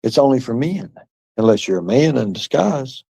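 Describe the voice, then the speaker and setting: A man's voice: mid-range voice, big pitch swings, normal speed, gravelly, mellow, breathy edge. Rambling, taunting man on a livestream. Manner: rambling, taunting, profane, drops to mutters. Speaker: livestream host. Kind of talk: rambling live-stream chat reading comments.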